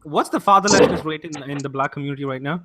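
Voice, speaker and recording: A man's voice: fairly high pitch, quick pace, background noise. A man in a casual talk, speaking emphatically with frequent swearing. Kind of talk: casual profane discussion.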